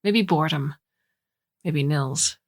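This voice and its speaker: A woman with a notably low voice reads a story aloud. Her delivery is scripted, measured and even. The pacing is steady throughout. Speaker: narrator.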